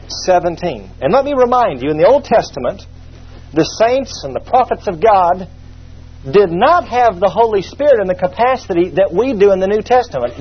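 A man's voice: high-pitched, husky. A man preaching a sermon, teaching from the Bible in a folksy, humorous way with asides. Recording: muffled lo-fi sermon recording.

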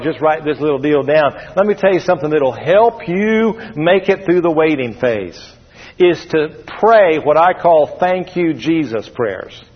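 This preacher's voice is on the high side and slightly rough as he addresses a congregation in church. He repeats himself emphatically and calls for their responses, and the recording is dull, lo-fi, and full of long hall reverb.

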